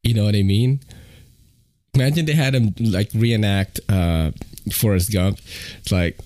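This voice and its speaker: A man's voice: mid-range voice, animated, a little slow, a little mellow, dry recording. A man hosting a podcast in casual, rambling chat, often laughing and using many fillers. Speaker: podcast host.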